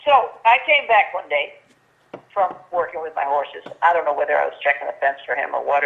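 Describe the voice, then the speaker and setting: A woman's voice: low-pitched, vocal fry. An older woman, a guest, telling a long story in casual chat and acting out the dialogue she quotes, with frequent restarts. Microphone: telephone. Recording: tinny phone line.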